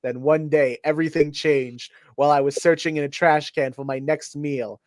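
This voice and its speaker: A man's voice: a little high, fairly even intonation, normal speed, no room sound, lightly acted. A man voicing an old male rat martial arts master in a put-on New York accent, telling his story solemnly. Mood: storytelling.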